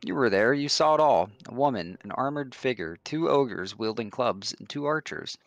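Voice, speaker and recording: A man voicing a sly stranger who speaks in a measured, knowing way. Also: medium pitch, lively intonation, dry recording, close to an everyday voice. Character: sly male stranger with a ring.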